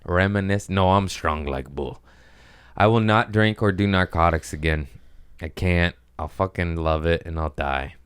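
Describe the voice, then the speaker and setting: A man hosting a podcast in a casual rambling monologue, profane and self-mocking, drifting between quick asides and mumbled lines. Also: low-pitched, clean tone, dry recording, studio quality. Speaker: podcast host.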